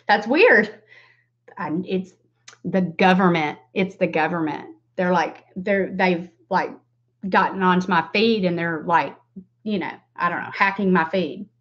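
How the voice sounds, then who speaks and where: A woman's voice: lowish voice, slow, pauses often. A woman in her forties with a Southern US accent, giving a casual livestream makeup tutorial. She chats with viewers by name and laughs often. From Southern United States. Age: 40s. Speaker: makeup vlogger. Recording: dull lo-fi livestream audio.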